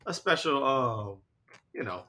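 A man's voice: mid-range voice, lively intonation, measured pace, bright, forceful tone. A man hosting a casual podcast chat, rambling with many fillers and restarts. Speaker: podcast host.

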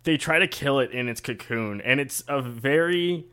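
A man appearing as a guest on a casual podcast, laying out his points in steady, wry explanations. His voice sits at an ordinary middle pitch for a man. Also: normal speed, clear, resonant tone.

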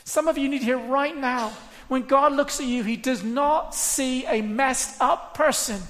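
A woman's voice: sits high, unhurried, a bit bright. A woman preaching a sermon in an earnest, conversational way, repeating her points for emphasis. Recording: long hall reverb.

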